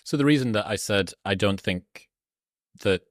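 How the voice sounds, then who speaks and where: Deep-voiced man musing aloud. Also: normal speed, no room sound, studio quality. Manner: musing, searching for words. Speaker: podcast host. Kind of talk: conversational podcast interview.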